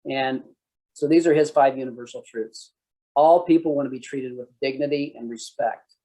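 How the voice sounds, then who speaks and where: A man's voice: medium pitch, normal speed, dark tone, low-quality recording. A man presenting a police training session, conversational, acting out sample phrases. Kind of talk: conference presentation.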